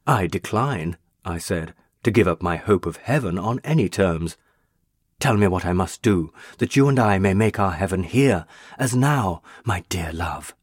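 A man with a husky voice reading a first-person story aloud, hushed, solemn and wondering. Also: sits low, lively intonation, a little slow, no room sound, clean studio sound. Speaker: narrator.

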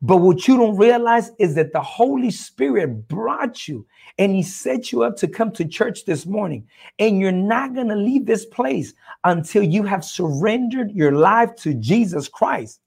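A man quoting a male preacher who speaks slowly and solemnly to a church visitor. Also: high voice, animated, gravelly, a little mellow, breathy edge, full character voice.

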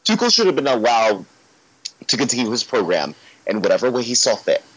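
A man's voice: mid-range voice, big pitch swings, fairly quick, a bit bright, breathy edge, no room sound, dull audio. A man speaking as a guest on a football podcast, talking in a casual, ranty way and swearing when he gets worked up.

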